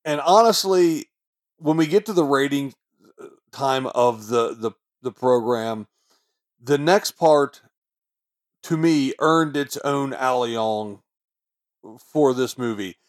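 A man's voice: mid-range voice, takes it slowly, long pauses. Enthusiastic man retelling film scenes. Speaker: podcast co-host. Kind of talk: casual chat about a movie.

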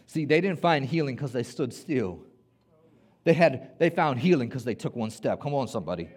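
A man's voice: medium pitch, lively intonation, moderate pace, a little mellow, slightly rough. A man preaching a sermon as pastor, emphatic, repeating words and rallying his listeners.

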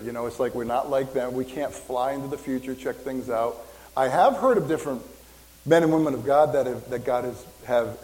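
A man's voice: mid-range voice, dark tone. Rambling man preaching in a hall. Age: 50s. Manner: rambling, conversational, jokes with congregation. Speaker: pastor. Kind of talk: sermon. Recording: reverberant hall.

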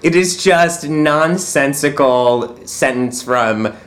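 A man's voice: a little high, takes it slowly, fairly bright tone. A man from Poland co-hosting a podcast, recapping a movie with wry, dry jokes in a casual chat. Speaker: podcast co-host.

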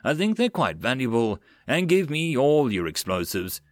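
A man's voice: medium pitch, very animated, normal speed, no echo, studio quality, close to an everyday voice. A man playing a cocky male marine sergeant who barks orders and teases, in an audiobook. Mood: gruff. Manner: barking orders, teasing.

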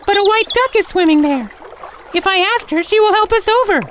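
A man voicing a young girl in a storybook reading, in a high piping falsetto. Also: animated, fairly quick, noisy background. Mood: eager. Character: frightened young girl, earnest and clever.

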